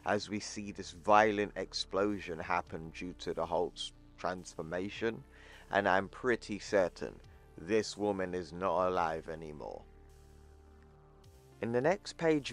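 A man recaps a comic book in a casual, loose style. His voice sits low and his pace is unhurried, and he breaks into profane asides with faint music underneath. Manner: excitable, profane commentary.

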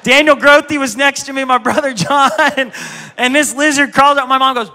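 A pastor preaching a sermon in a bright, ringing, fairly high voice, with lots of echo from a long hall reverb. He tells stories with animation and acts out the voices of the people in them. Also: a little fast, a faint crowd. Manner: animated storytelling, acting out childhood voices loudly.

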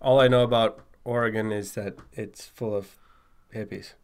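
A man's voice: lowish voice, fairly even intonation, normal speed. A man with a Massachusetts accent co-hosting a podcast, chatting in a wry, questioning, joking way. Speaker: podcast co-host. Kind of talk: casual chat.

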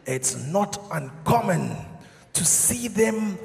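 A man voicing a solemn nature documentary narrator with a low, drawn-out delivery, recorded live in a theatre. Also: lively intonation, vocal fry, a little mellow, full character voice. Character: deep slow nature documentary narrator, male adult. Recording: live theatre hall with audience laughter.

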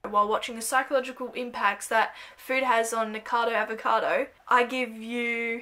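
Aussie girl doing a jokey vlog bit, high bright voice, goofy and self-deprecating. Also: moderate pace. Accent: Australian. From Australia. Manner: playful, self-mocking, jumps into loud bursts. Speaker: vlogger. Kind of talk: comedic scripted monologue to camera.

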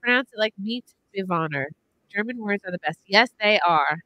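Woman host, bright tone, swooping pitch, dry close sound. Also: lively intonation, normal speed, dry recording, muffled recording. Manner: loud, joking, reads out donations. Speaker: podcast host. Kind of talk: casual group chat.

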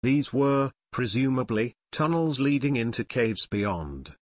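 A man narrating an unabridged audiobook in a steady, measured reading. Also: mid-range voice, no echo.

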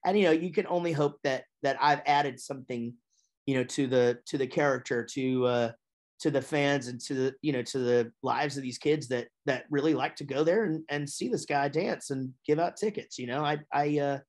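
This is a middle-aged man guesting on a podcast, talking about his work in a casual, unscripted way. His voice sits at a mid-range pitch. His delivery is animated, rising and falling as he warms to a story. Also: moderate pace. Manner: chatty and animated, with big pitch swings when telling stories. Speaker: guest, musician and voice actor. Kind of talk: casual interview chat.

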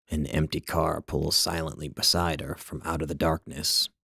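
Very deep, gravelly male narrator. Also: fairly bright tone, no room sound, clean studio sound. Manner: measured, wry storytelling. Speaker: author reading his own short story. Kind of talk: scripted literary narration.

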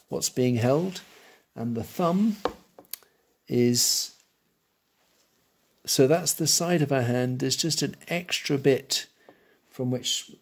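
A man's voice: medium pitch, husky. A man giving a live drawing tutorial, thinking aloud and correcting himself as he sketches. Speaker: art teacher.

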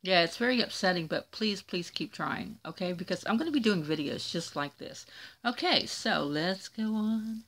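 A woman's voice: lowish voice, lively intonation, moderate pace, fairly bright tone. A woman hosting a casual religious video from home, reading out viewer comments and speaking in a chatty, tender way. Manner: chatty, tender, addresses viewers as "you guys" and "y'all". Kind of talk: casual religious talk to camera. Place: at home in Florida.

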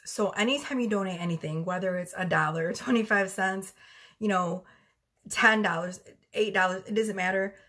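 This time the tarot reader's mid-range voice comes across a bit bright. Slightly winded, she chats her way through a casual reading, rambling and correcting herself.

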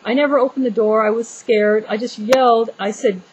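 A woman's voice: a little high, steady tone, brisk, highs cut off, slight background noise. A woman venting in a casual vlog, talking in an exasperated, rambling way with many restarts and fillers. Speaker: homeowner venting to viewers.

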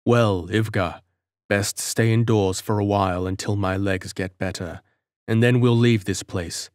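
A man's voice: fairly low pitch, fairly even intonation, a little slow, darkish tone, no echo, clean studio sound, lightly acted. A man voicing a crippled former soldier father who talks in a grim, gritted mutter, in a storybook reading.

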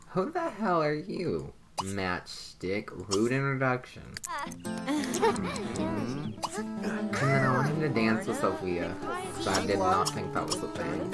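A young adult woman gives casual let's-play commentary on her life-simulation game, chatty, laughing often and swearing freely, over loud game music. Her voice is extremely low and unhurried, with wildly swooping pitch.

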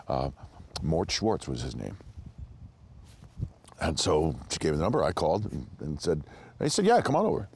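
A man's voice: moderate pace, vocal fry, long pauses, slight background noise. A man being interviewed, telling a story with plenty of laughter and restarts, acting out the people he quotes. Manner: animated anecdote-telling, acts out quoted people with big pitch jumps; laughs often, restarts sentences. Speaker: interview guest.

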